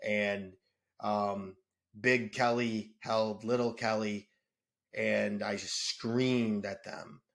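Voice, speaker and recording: A man's voice: on the low side, little pitch movement, very slow, vocal fry, a bit bright. Earnest, stammering man from Detroit. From Detroit, USA. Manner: earnest, emotional, stammering repeats. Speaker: podcast guest. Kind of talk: casual conversation.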